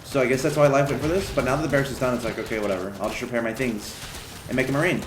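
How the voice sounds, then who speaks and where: A man's voice: mid-range voice, rapid-fire, reverberant, a little hiss or hum. Chatty male esports commentator. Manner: chatty, excitable, rambling. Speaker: game commentator. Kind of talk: casual esports play-by-play commentary.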